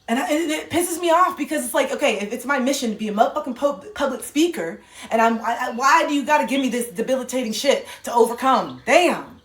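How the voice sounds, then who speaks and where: Talking fast in a fairly high, animated voice, a woman gives a heated livestream monologue into her phone, swearing, emphatic, and repeating lines for effect. She's far from the mic in an echoey room, and there's a little hiss or hum.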